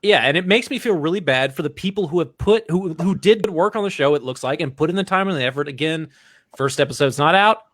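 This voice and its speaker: A man hosting a podcast in casual chat, blunt and animated, who swears freely. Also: fairly high pitch, quick pace, no room sound, studio quality. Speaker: podcast host.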